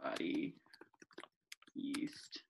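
A woman's voice: very slow, whispered. A woman co-hosting a podcast in casual chat, playful and giggly, reading out odd news items. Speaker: podcast co-host.

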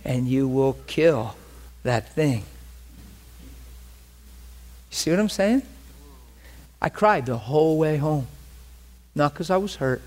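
A man's voice: on the high side, lively intonation, measured pace, long pauses, a little mellow. A man preaching a sermon in a conversational storytelling manner, often checking that his listeners follow him.

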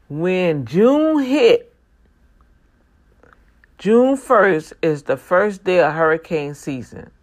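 Emphatic preachy vlogger. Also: mid-range voice. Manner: emphatic, preachy, with prayerful asides. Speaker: vlogger addressing regular viewers. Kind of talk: casual monologue with urgent warnings.

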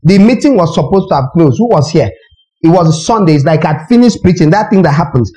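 A man, preaching a sermon as pastor in an animated, emphatic way full of rhetorical questions. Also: high voice, brisk, poor audio.

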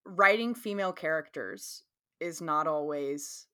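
A woman's voice: sits low, expressive, unhurried, bright, forceful tone, clear, resonant tone. Chatty Southern woman, casual. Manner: rambling, chatty, laughs easily. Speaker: podcast co-host. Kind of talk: casual chat.

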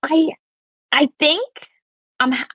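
A woman's voice: high voice, takes it slowly, pushed and bright, no echo. A woman co-hosting a podcast in casual chat, gushing and rambling with many fillers. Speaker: podcast co-host.

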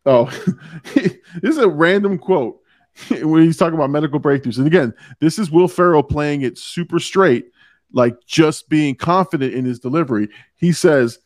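A man's voice: a little high, normal speed. A man hosting a podcast, chatting casually about a movie, laughing often and reading quotes aloud. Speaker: podcast host. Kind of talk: casual movie review chat.

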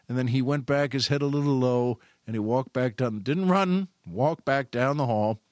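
A man telling a long personal anecdote in a rambling, halting way, repeating himself and correcting mid-sentence. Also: mid-range voice, no echo, studio quality. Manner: repetitive, halting, self-correcting. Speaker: storyteller.

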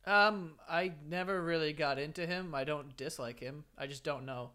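A man's voice: fairly high pitch, moderate pace, pushed and bright, clean tone. A man co-hosting a podcast, giving dry, joking replies in casual chat. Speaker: podcast co-host.

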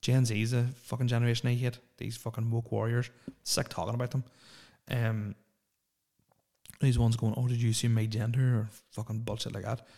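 Flat-voiced, ranting man. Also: medium pitch, moderate pace, gravelly. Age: 30s. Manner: profane, opinionated rambling. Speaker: podcast host. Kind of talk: solo podcast rant.

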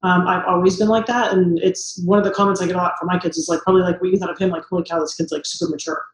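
A woman's voice: on the low side, level tone, very fast, echoey room, low-quality recording. A woman, a mother, talking casually in an interview, full of "like" fillers and acting out what others say to her. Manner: chatty, many "like" fillers, acts out quoted voices. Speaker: guest, mother.

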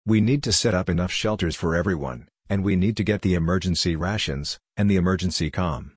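A man reading the part of a calm, logical female android who is helping crash survivors, in a level, matter-of-fact way. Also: low-pitched, a little fast, husky, dry recording, clean studio sound.

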